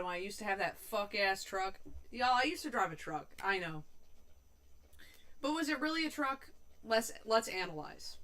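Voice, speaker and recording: A woman's voice: mid-range voice, fairly bright tone. A young woman hosting a casual cooking livestream, chatting and rambling loosely with her viewers and swearing casually. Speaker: livestream host.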